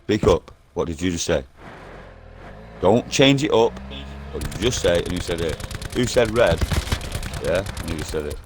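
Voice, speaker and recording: A man with a low voice rambles endlessly in an online game party over a headset mic, conspiratorial and cursing heavily. He sounds lively in intonation, moves at a moderate pace with long pauses, and there's a lot of background noise.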